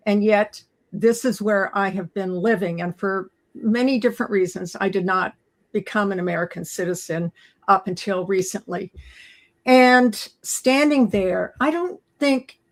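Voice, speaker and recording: A woman's voice: medium pitch, a little slow, roomy sound. A woman in her fifties from Canada, speaking earnestly and emotionally as a guest. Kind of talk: heartfelt personal talk.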